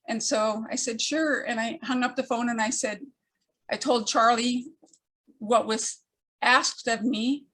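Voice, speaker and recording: An older woman telling a personal story to an audience, with wry humor and frequent pauses. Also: fairly high pitch, fairly even intonation, fairly bright tone. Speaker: storyteller speaker.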